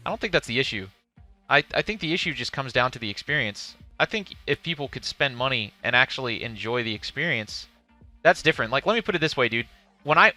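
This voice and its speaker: A man's voice: medium pitch, bright, forceful tone. A man streaming live, giving casual, profane commentary on a game showcase and reading chat questions aloud.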